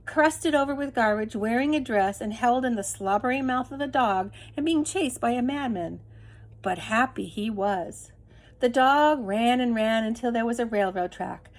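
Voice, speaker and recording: A woman reading a children's chapter book aloud in an expressive, measured way. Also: a little high. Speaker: reader. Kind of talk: storybook read-aloud.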